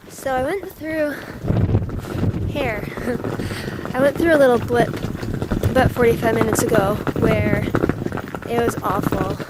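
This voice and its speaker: A woman's voice: a little high, steady tone, slow pace, long pauses. A young woman talking to her camera while walking around outdoors, chatty and self-mocking, stumbling over her words when flustered. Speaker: travel vlogger. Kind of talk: casual travel vlog. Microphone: handheld camera mic. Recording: wind-buffeted handheld camera audio. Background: loud wind on the mic.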